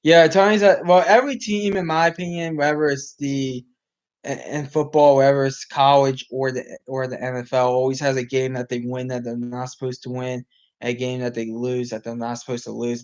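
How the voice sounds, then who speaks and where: A man's voice: mid-range voice, level tone, fairly quick, a little mellow, lo-fi sound. A man casually talking sports as host, rambling with frequent restarts and filler, his voice getting worn out. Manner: rambling, restarts, many ums, reacts to live game. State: losing his voice. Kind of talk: casual live sports talk.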